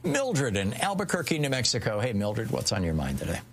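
A man's voice: medium pitch, wildly swooping pitch, a little fast, a little hiss or hum. A man hosting a call-in radio show, interjecting and often stammering on his words. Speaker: radio talk show host.

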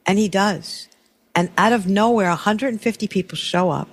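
A middle-aged man hosting an interview, telling stories in a lively, restarting way. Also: sits high, normal speed. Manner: storytelling, animated with frequent restarts. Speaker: talk show host. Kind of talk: casual conversational interview.

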